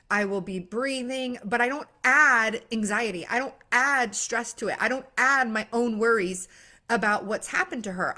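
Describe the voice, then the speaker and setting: A woman's voice: fairly high pitch, sharp tone. A young woman giving a casual motivational talk, earnest, with many fillers and restarts. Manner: acts out worried voices with sudden gasps. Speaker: mindset coach. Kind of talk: motivational monologue.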